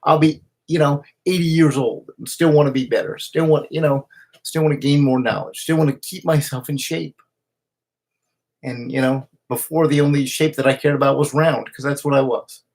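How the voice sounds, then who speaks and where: Emotional man with a gravelly, husky voice. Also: on the high side, fairly even intonation, a little mellow. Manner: emotional, halting, with restarts and pauses. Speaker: partner recording a personal video message. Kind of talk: heartfelt personal video message. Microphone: camera he speaks into.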